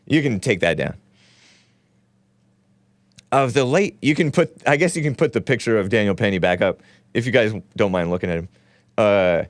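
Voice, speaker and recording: A man's voice: lowish voice, measured pace, pauses often, no room sound. Rambling sarcastic male talk host. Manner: rambling, sarcastic, stumbles over names; reads news aloud with running commentary. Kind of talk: casual call-in talk show.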